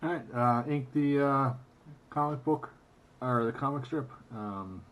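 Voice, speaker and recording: A man gives a relaxed, hesitant vlog wrap-up about his drawing, with many fillers. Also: mid-range voice, unhurried. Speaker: comic artist vlogger. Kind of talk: casual vlog narration.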